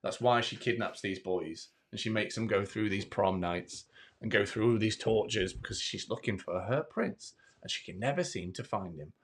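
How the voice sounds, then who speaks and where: A man's voice: fairly low pitch, moderate pace. A man guest on a podcast discussing a horror film earnestly, with stumbling restarts and acted-out lines.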